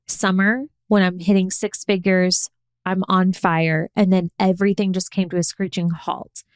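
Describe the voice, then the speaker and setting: A young woman hosting a podcast, coaching listeners in a chatty, animated way and acting out her own inner thoughts. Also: medium pitch, clean tone, dry recording. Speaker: podcast host. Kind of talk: casual coaching monologue.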